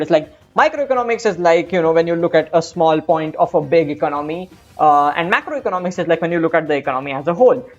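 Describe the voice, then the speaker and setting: A man's voice: high-pitched, highs cut off. A young man in his twenties telling a rambling, profane, self-mocking story over gameplay. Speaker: gaming streamer.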